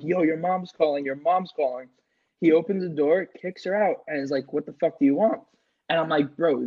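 A man's voice: fairly high pitch, a little mellow, slightly rough. A young man telling a crude party story on a podcast, acting out his friends' lines in a casual, profane way. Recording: slightly dull lo-fi sound.

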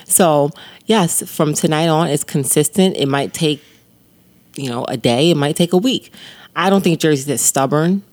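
Podcast co-host, woman, storyteller, animated and laughing. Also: deep voice, moderate pace. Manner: animated storytelling, acts out her baby with laughs. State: sore back. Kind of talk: casual couple's podcast chat.

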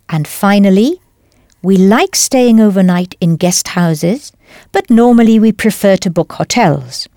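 Female instructor, patient and clear, scripted lesson narration, dry booth. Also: medium pitch, expressive, a little slow, warm tone, no room sound. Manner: patient, clear, explains step by step. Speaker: language teacher.

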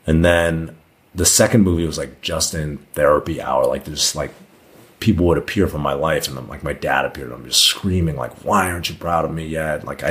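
A man as a podcast guest, telling a long personal story in a casual, rambling way with lots of "like" fillers. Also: very deep voice.

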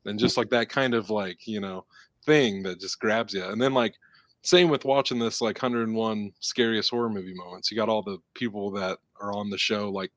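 A man's voice: lowish voice, steady tone, normal speed, fairly bright tone, no echo. A man co-hosting a podcast, chatting casually and rambling through a story with many fillers. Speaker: podcast co-host. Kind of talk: casual chat.

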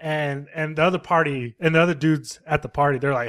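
A man hosting a casual podcast from home, retelling a film in a rambling, profane, animated way. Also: fairly high pitch, fairly quick. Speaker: podcast host.

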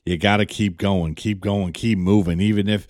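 A man's voice: fairly low pitch, steady tone, moderate pace, a little mellow, no echo, studio quality. A man co-hosting a radio show in casual chat, laid-back and rambling, swearing now and then.

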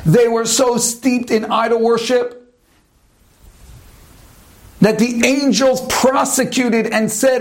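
A man with a very high, steady voice gives a Torah talk as a rabbi, preaching in sermon style. He asks rhetorical questions, leaves long emphatic pauses, and mixes Hebrew terms into his English.

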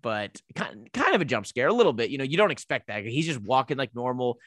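Man, podcast co-host, casual movie recap, mid-pitched, dry close sound. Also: fast, dry recording. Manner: animated storyteller, recapping plot with asides.

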